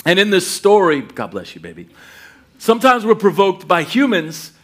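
Animated man preaching a sermon. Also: high voice, moderate pace. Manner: animated storytelling, acts out voices, laughs often. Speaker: pastor. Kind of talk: sermon with scripture reading and personal stories.

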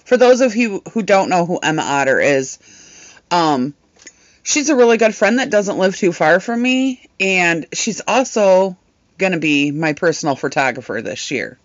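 A woman co-hosting a casual chat, telling stories in an animated way, swearing freely and laughing often. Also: on the low side, normal speed, no echo, lo-fi sound. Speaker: podcast co-host and live streamer.

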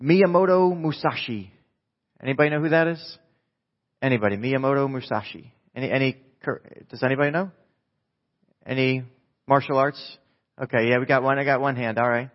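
A married man preaching a conversational sermon to a live congregation, lively and jokey, often quizzing the audience with quick questions. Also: mid-range voice. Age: adult, married with a wife. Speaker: pastor. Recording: dull lo-fi sound.

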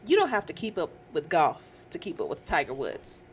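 A woman's voice: low-pitched, wildly swooping pitch, moderate pace, slight background noise. A woman co-hosting a podcast, talking emphatically and opinionated, often checking if she's understood. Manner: emphatic and opinionated, keeps asking "you know what I'm saying". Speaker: podcast co-host. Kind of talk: casual podcast chat.

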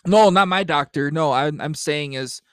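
A man's voice: on the high side, moderate pace, clear, resonant tone, no echo, studio quality. A man co-hosting a casual sports podcast, agreeable and full of fillers. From Detroit area. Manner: agreeable, frequent fillers and trailing-off phrases. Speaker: podcast co-host.

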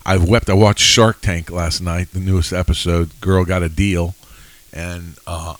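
Deep voiced guy chatting earnestly on a bible study podcast, keeps restarting his sentences, dry room. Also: flat delivery, measured pace, no echo, poor audio. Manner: earnest, personal storytelling with frequent restarts. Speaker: podcast co-host. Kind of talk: casual Bible study chat.

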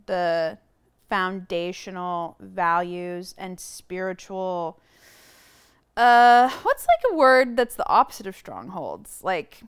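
A woman's voice: fairly low pitch, sing-song, takes it slowly, clear, resonant tone. A woman guest on a podcast, talking earnestly in casual conversation and searching for her words, on a lapel mic. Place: room shared with host.

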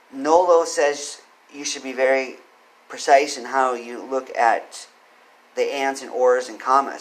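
A man's voice: mid-range voice, fairly even intonation, unhurried, rough recording. A man reading out legal code and giving his opinions, often putting questions to the listener. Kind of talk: solo commentary with read-out legal text.

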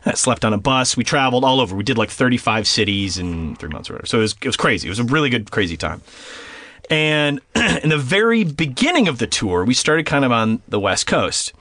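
Animated man telling a wild story. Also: mid-range voice, fairly quick, no echo. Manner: animated, swears a lot, restarts phrases. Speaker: podcast guest. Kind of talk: casual storytelling.

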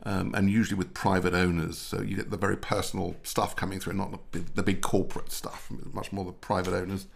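Gravelly man in his sixties telling stories. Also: sits low, level tone, brisk, hardly any pauses. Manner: rambling anecdotal storyteller. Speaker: guest, mergers and acquisitions adviser. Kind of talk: casual chat.

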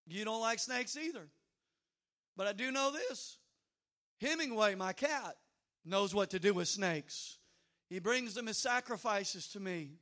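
A middle-aged man preaching as pastor, telling stories with humorous asides and sudden loud outbursts. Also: high-pitched, normal speed. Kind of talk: sermon.

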